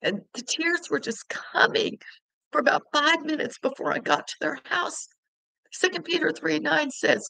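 A woman's voice: sits high, expressive, moderate pace, vocal fry, pushed and bright, dry recording, rough recording. An older woman sharing an earnest, emotional faith testimony as a podcast host, tearful at times. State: crying.

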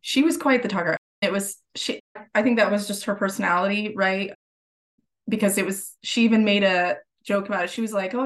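A woman in a mid-range voice, recounting her story as a podcast guest. She laughs often and slips into little acted-out quotes, keeping a casual, lively flow. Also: medium pitch, normal speed. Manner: animated, laughs while telling, acts out quotes.

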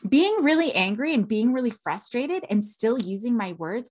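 A woman's voice: a little high, expressive, normal speed, a little mellow. Earnest woman hosting a parenting podcast. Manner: earnest, repeats "right?" often. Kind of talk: solo podcast talk.

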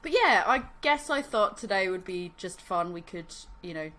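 A woman's voice: mid-range voice, expressive, moderate pace, pushed and bright. A woman co-hosting a podcast, chatting casually with many fillers and frequent giggles. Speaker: podcast co-host. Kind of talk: casual chat.

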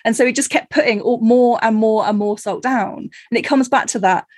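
Woman hosting a chat podcast, husky voice, dry close sound, chatty and quick to laugh. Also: on the high side, dry recording. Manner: chatty, anecdotal, laughs easily. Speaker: podcast host. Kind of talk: casual chat.

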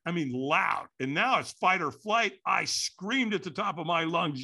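A man telling a story as a podcast guest, animated and acting out quotes with sudden shouts. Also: sits high, slow, gravelly, hardly any pauses, breathy edge.

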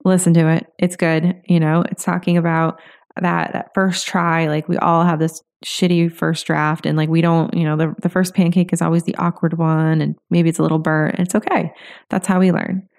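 A woman's voice: sits low, level tone, moderate pace, gravelly, darkish tone. A woman hosting a solo podcast as a coach, talking in a loose, encouraging way with lots of "you know" and "like".

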